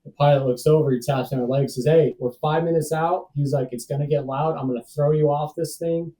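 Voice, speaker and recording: Guy telling his story on a podcast, super dark mellow voice, kinda off mic, lots of dude and man. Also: on the high side, little pitch movement, quick pace, distant mic, low-quality recording. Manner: laid-back, acts out dialogue, says "dude" and "man" often. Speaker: podcast guest. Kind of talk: casual personal storytelling.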